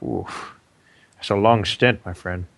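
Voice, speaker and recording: A man's voice: on the low side, slow pace, a bit bright, dry recording. A man playing a character in a tabletop game, talking casually and hesitantly. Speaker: player.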